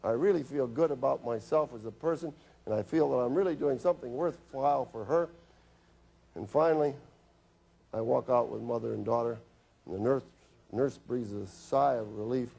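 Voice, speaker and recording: A man's voice: medium pitch, moderate pace, vocal fry, mellow, slightly rough. Man telling doctor's office stories. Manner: anecdotal, acts out patients' and his own lines with humor. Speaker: physician giving a health talk. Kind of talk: storytelling health lecture.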